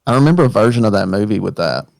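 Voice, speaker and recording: Male co-host, low gravelly voice, easygoing reactive chatter. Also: expressive, very fast, no echo, clean studio sound. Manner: easygoing, reactive, short agreeing replies. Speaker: podcast co-host and streamer. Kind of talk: casual chat.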